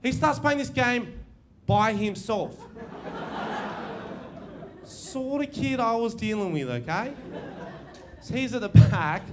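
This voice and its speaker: Young Aussie stand-up, high-pitched and animated, crude delivery, noisy live room. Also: male voice, slow pace, long pauses, a crowd in the background. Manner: crude, animated, acts out quoted voices. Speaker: stand-up comedian. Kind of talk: stand-up comedy storytelling. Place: live comedy venue with audience.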